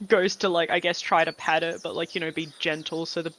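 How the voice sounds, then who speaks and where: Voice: medium pitch, flat delivery, fairly quick, a bit bright, slight background noise, poor audio. A tabletop player with an Australian accent, casual and giggly, often trailing off. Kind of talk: tabletop role-play.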